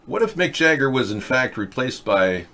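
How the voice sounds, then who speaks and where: A man's voice: medium pitch, very animated, moderate pace, sharp tone. A man hosting a political talk show, chatting casually and thinking aloud with plenty of fillers and restarts. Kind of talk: rambling casual commentary. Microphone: webcam or desk mic for a video chat.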